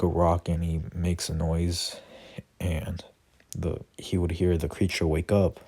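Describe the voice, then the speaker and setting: A man's voice: low voice, darkish tone, husky. A man improvising a fan story, hesitant and full of filler words.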